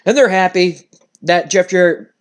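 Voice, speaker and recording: A man narrating his wrestling sim game play-by-play, turning excitable. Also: high-pitched, normal speed.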